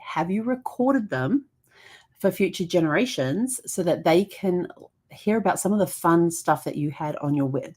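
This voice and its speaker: A chatty middle-aged woman, rambling through a personal story on her vlog. Her voice sits fairly low, and she laughs often and acts out the voices of the people she quotes. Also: a little mellow. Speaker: host.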